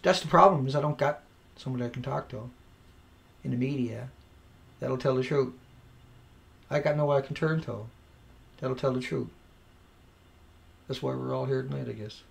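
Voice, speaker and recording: A man recording an angry, profane rant to camera, swinging between yelling and quiet muttering. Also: mid-range voice, moderate pace, gravelly, pauses often. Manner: profane, shouting and then dropping to quiet. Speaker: video blogger. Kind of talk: angry ranting monologue. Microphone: home recording mic.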